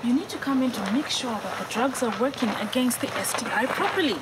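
An actress playing a firm, instructive health worker in a TV drama. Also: female voice, fairly high pitch, animated, a little fast, very noisy, lightly acted. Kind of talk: TV drama acting.

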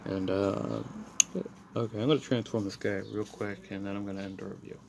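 Man with a low, gravelly voice for a toy review, rambling and annoyed; noisy home recording. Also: level tone, brisk. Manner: rambling, apologetic, frustrated. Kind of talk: casual toy review walkthrough. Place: room in a house.

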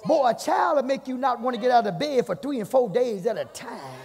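Male pastor, very high voice, gravelly fry, lively swoops, long church reverb. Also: fairly quick. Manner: preaching with constant "my God" refrains, swinging between shouts and hushed lines. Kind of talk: fiery church sermon. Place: church sanctuary.

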